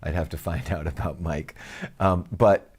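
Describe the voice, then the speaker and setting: A man's voice: low voice, moderate pace, breathy edge. A middle-aged man co-hosting a podcast in casual banter, joking and often slipping into put-on voices. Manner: jokey, animated, breaks into put-on voices and laughs. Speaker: podcast co-host.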